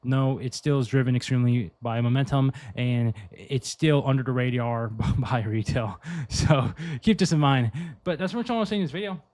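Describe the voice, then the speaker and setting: A man's voice: mid-range voice, moderate pace, a little mellow, no room sound. A man giving casual crypto market commentary over charts, blunt, rambling and full of swearing.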